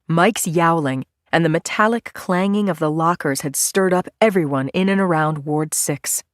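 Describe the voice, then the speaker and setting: Low-voiced woman reading an audiobook. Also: no echo, clean studio sound. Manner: measured, steady storytelling. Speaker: audiobook narrator. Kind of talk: scripted narration.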